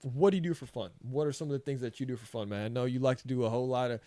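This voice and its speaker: A man's voice: mid-range voice, rapid-fire, dark tone, no room sound. Guy hosting a chill podcast, keeps saying you know, man, middle voice, dry mic. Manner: chatty, encouraging, many fillers like "you know" and "man". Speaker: podcast host. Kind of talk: casual podcast interview.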